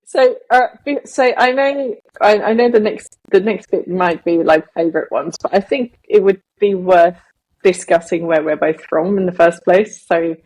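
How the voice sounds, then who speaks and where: A woman's voice: fairly low pitch, moderate pace, a little mellow, rough recording. A woman raised in Malaysia who speaks with a Southern English accent, co-hosting a casual podcast in a rambling way with frequent laughs. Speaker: podcast co-host.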